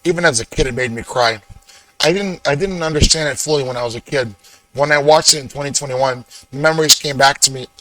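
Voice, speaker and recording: Young man, twenties, emotional rambling vlog monologue, bright edgy tone. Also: medium pitch, fast talker, dry recording, low-quality recording. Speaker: vlogger. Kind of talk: casual monologue to camera.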